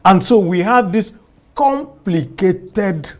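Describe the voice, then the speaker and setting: A man giving political commentary in an interview clip, speaking slowly and deliberately. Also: high voice, lively intonation.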